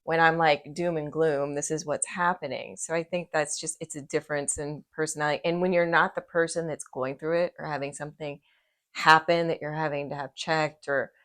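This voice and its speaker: A middle-aged woman hosts an intimate conversation, her voice sitting low for a woman. She speaks expressively and with empathy, slipping into little acted-out quotes as she tells a story. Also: steady tone, fairly quick, fairly bright tone. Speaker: host. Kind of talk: casual conversation about grief.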